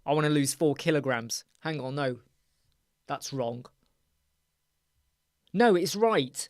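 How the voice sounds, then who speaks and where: Excitable man rambling on a live stream. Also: a little high, takes it slowly, pauses often, no room sound, clean studio sound. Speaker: host.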